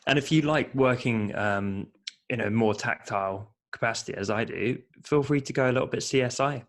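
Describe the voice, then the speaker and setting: A man's voice: medium pitch, normal speed. A man co-hosting a casual business podcast, chatty and playful as he gives practical advice. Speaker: podcast co-host.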